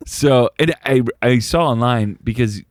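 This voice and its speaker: A man's voice: mid-range voice, measured pace, no room sound, clean studio sound. A man co-hosting a podcast in casual chat, repeating words as he starts his thoughts. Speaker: podcast co-host.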